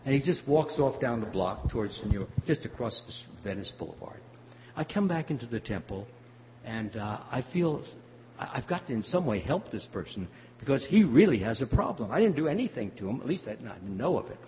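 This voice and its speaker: An older man giving a devotional talk, telling a story in a halting way with many fillers. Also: mid-range voice, very animated. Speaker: spiritual teacher. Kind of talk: devotional talk answering questions. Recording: muffled hall recording with faint hum.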